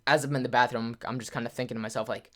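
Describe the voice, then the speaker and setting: A man's voice: mid-range voice, steady tone, rapid-fire. Rambling man telling a story to camera. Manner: rambling, filler-heavy, says "like" constantly; acts out quoted voices of others. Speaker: gaming YouTuber.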